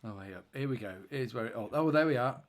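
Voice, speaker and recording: A man's voice: mid-range voice, fast talker. Flustered, chatty male podcast co-host. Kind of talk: casual podcast chat.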